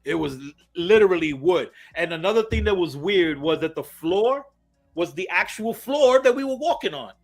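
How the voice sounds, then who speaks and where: A man, a podcast host, telling a story in casual chat, animated and swearing a lot, acting out quotes loudly. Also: high voice, normal speed, soft background music.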